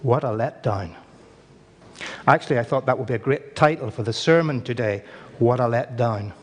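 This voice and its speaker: A man preaching a sermon, telling the story with dramatic pauses and wry humour. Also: mid-range voice. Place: church. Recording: long church reverb.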